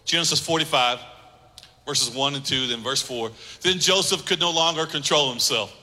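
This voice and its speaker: Bright-voiced preaching man in a hall. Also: on the high side, normal speed. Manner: emphatic, repetitive, conversational preaching. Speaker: pastor. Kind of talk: sermon.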